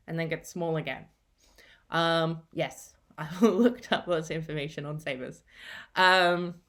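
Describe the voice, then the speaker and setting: Female teacher, lower register, patient explainer for a recorded reading lesson. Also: a bit bright. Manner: patient, explanatory, repeats key points.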